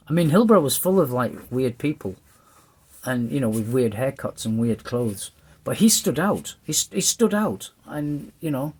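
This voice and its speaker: A man's voice: mid-range voice, husky. A middle-aged man with an English accent, telling a rambling personal testimony and acting out the voices of the people in it. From England. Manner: lively, rambling storyteller who acts out the voices in his story.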